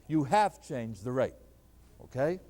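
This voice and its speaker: A man's voice: medium pitch, very animated, unhurried, warm tone, long reverb tail. An older man teaching a math lecture at the board, asking questions and answering them himself.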